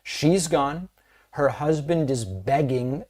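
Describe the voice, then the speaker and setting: A man's voice: medium pitch, lively intonation, a little slow, darkish tone. A man giving indignant online news commentary, stressing his points emphatically.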